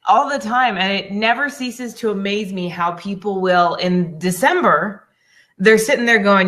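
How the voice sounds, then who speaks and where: A woman's voice: medium pitch, a little slow. Young woman coach from the American South. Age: young adult. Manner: animated storyteller acting out clients' words. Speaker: business coach. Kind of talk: guest on a talk show.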